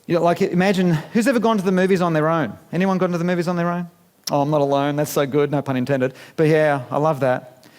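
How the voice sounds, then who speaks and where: In a conference room, a business speaker in his 50s keeps his seminar chatty and playful, quizzing the live crowd as he goes. He talks at a quick pace in a fairly high, slightly mellow voice.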